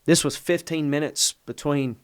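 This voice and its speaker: A fairly high-pitched, clear and resonant male voice with fairly even intonation moves at a moderate pace. The middle-aged pastor tells a personal story in conversation, earnest and emotional, often starting sentences over. It's clean studio sound with no room noise.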